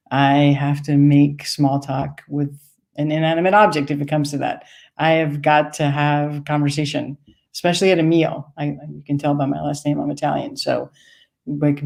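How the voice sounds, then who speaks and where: A woman's voice: deep voice, vocal fry, darkish tone. A woman from Maine telling a wry, conversational personal story on stage. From United States, Maine.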